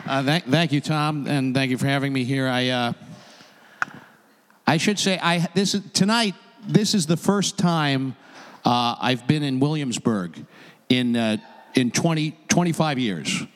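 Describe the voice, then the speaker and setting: Male stand-up comic; halting, fussy grumbler with a mid-range voice, reverberant hall. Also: medium pitch. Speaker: stand-up comedian. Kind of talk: stand-up set.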